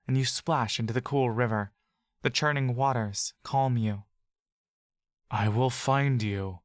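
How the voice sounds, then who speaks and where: A man's voice: medium pitch, no echo. Man narrating a fantasy story, dry close sound.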